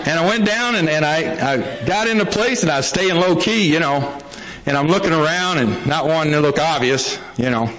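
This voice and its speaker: A man's voice: on the high side, animated, normal speed, a bit bright, a faint crowd. A man telling his recovery story to a meeting, a folksy storyteller who acts out the quotes. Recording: dull lo-fi recording.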